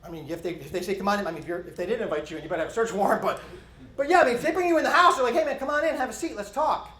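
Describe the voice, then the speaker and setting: A middle-aged man training police officers, giving an animated conference presentation and acting out bits of interview dialogue. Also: high voice, rapid-fire. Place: conference hall. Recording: echoey conference hall.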